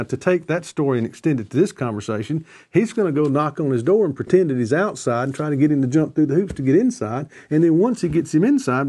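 A man's voice: fairly high pitch, dark tone, breathy edge. A man in a conversational discussion, telling earnest stories and repeating phrases for emphasis. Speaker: discussion guest.

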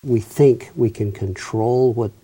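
A man interviewing a guest, asking thoughtful, searching questions and pausing as he works them out. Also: mid-range voice, warm tone, husky.

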